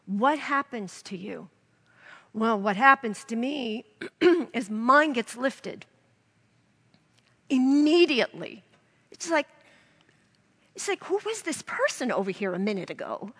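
A woman's voice: fairly high pitch, sing-song, slow pace, long pauses, fairly bright tone, breathy edge, big-room sound. A woman giving an earnest devotional Bible teaching, reading scripture aloud to her listeners.

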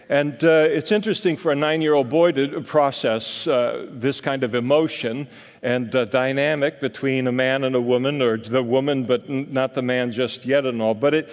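An older man from California gives a sermon in a relaxed, folksy way. He wanders through his story and fills it with small pauses and asides. His voice sits at an ordinary pitch and carries a long reverb from the hall. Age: 60s. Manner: folksy, rambling storytelling with many fillers. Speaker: pastor.

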